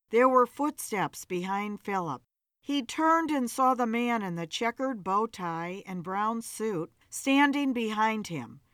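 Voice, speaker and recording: A woman narrating an audiobook story in a plain, steady manner. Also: fairly high pitch, no echo, studio quality.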